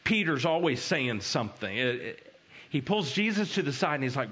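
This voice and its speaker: A male pastor gives a conversational sermon in an animated, storytelling way. His voice is fairly high and bright. The recording sounds dull and lo-fi. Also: normal speed.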